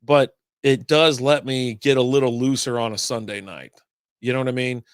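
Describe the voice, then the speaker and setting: A man's voice: mid-range voice, steady tone, moderate pace, clear, resonant tone, no room sound, studio quality. A man hosting a casual podcast, rambling through long stories with lots of asides and fillers. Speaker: podcast host. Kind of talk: casual beer podcast monologue.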